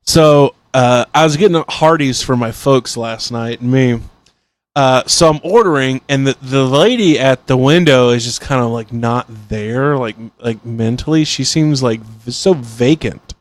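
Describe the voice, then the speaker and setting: A man's voice: medium pitch, a little slow, no echo. A man co-hosting a podcast in casual chat, a rambling, chatty storyteller. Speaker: podcast co-host.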